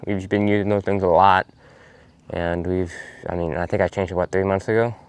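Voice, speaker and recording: A man's voice: sits low, fairly even intonation, a little fast, clean tone, no room sound. A man explaining farm vehicle maintenance in a plain, matter-of-fact way. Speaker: farm vlogger. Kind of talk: casual vlog narration. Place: outdoors by the vehicles.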